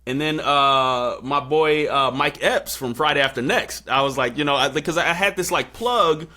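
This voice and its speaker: A young man chats on a podcast, recounting a wild night with lots of fillers. His voice is bright and clear. When he quotes people he jumps up into loud, excited squeaks. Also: moderate pace. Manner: animated storyteller, acts out quotes in high excited bursts. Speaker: podcast host. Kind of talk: casual storytelling chat.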